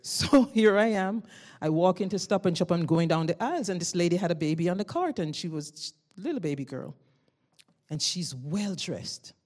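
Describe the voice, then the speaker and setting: A woman giving a spoken testimony to a congregation, telling a story with lively swings from loud exclamations to hushed tones and frequent laughter. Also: on the low side, moderate pace. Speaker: church member giving testimony.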